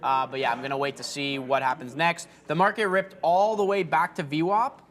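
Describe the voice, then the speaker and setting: This day trader co-host has a fairly high, fairly bright voice that stays steady and moves fairly quickly. Live from a studio stream, he offers loose market commentary, rambling and trailing off into fillers.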